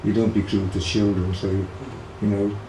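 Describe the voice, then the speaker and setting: An older man, Liverpool-accented, looks back on his brother in a casual interview, meandering with frequent fillers and restarts. He talks at normal speed in a fairly low, flat voice. The room echoes and a faint hiss runs underneath.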